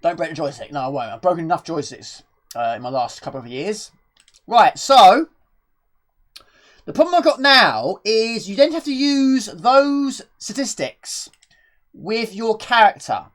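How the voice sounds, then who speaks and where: A woman streaming a retro game, talking loosely and breathlessly as she plays. Her pitch swings a lot and she rambles from one thought to the next, reading chat questions aloud as she goes. She sounds winded from nonstop talking. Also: lively intonation, measured pace. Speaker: live streamer. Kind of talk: casual gameplay commentary.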